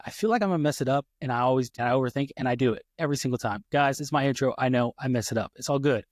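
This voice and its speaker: A man from the United States hosts a relaxed podcast. He rambles and pokes fun at himself, stumbling through restarts and "you know"s. The mic is close and dry, and his pitch sits in the middle. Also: very fast, few pauses, no room sound. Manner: rambling, self-deprecating, lots of fillers and restarts. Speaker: podcast host. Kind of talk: casual podcast chat.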